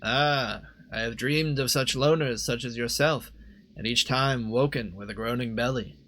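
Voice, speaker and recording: A man doing a slow, sly shapeshifter. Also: mid-range voice, sharp tone. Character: sly, creepy shapeshifter posing as a merchant.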